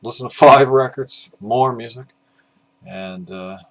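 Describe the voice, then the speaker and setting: Exhausted after staying up all night, a middle-aged man who hosts a record collecting video rambles through his vinyl pile at five in the morning. His voice is mid-pitched, a little slow and a bit bright, full of "uh" fillers and self-deprecating muttered jokes as he trails off. There's a little hiss or hum in the recording.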